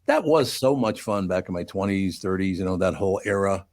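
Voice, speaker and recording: A man's voice: sits low, expressive, brisk, a little mellow, dry recording. An older man from Minnesota hosting a radio talk show, chatting and telling rambling stories with many restarts. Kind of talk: casual interview chat.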